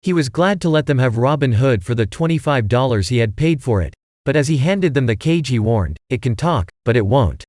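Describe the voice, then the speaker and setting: A man's voice: mid-range voice, fairly quick, no room sound. Man narrating an audiobook, dry sound. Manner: steady storytelling. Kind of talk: scripted narration.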